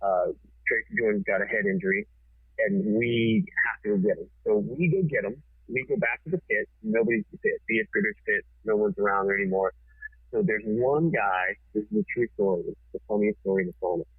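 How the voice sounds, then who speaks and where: Husky, forceful male storyteller on thin audio. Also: on the low side, lively intonation, a little fast, dry recording. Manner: forceful, swearing freely. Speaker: TV producer, podcast guest. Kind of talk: casual storytelling. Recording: tinny phone-like sound.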